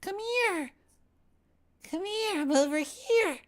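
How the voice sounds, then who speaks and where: A sweet spirit beckons from afar in a soaring falsetto. It calls in a high sing-song, light and luring. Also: male voice, animated, slow, a bit bright, full character voice. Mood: beckoning.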